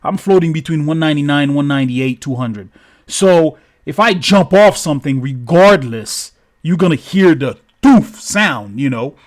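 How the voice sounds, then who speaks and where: A man's voice: fairly high pitch, lively intonation, normal speed. A man telling a story in a casual, improvised way: profane and rambling, acting out thuds aloud. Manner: profane, rambling, repeats sound effects.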